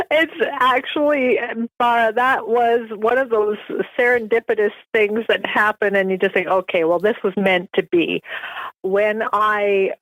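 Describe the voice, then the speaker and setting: A woman guest on an interview show telling personal stories in an animated way, laughing often. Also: mid-range voice, measured pace, no echo, rough recording. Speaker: guest author. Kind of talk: storytelling in a podcast interview.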